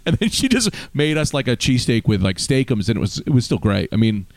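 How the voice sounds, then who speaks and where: A man's voice: mid-range voice, fast talker, hardly any pauses, no echo. A man from North Jersey, a podcast guest telling stories in casual chat and swearing freely. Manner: animated storyteller, swears freely.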